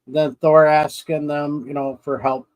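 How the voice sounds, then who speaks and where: A man's voice: a little high, flat delivery, measured pace, low-quality recording. Podcast dude rambling along, acts out his reactions, laughs a bunch. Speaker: podcast co-host. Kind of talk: casual chat.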